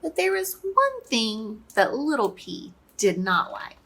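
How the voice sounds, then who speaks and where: A woman running a kids' cooking lesson and reading a children's story aloud with an expressive storyteller's delivery. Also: fairly high pitch, takes it slowly. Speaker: cooking and reading teacher for kids.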